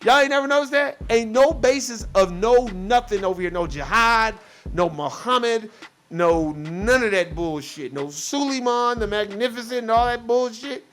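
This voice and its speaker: High-pitched man ranting, profane and heated. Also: moderate pace, fairly bright tone, a little hiss or hum. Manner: profane, heated, mocks others in quoted voices. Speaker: podcast host. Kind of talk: casual ranting commentary.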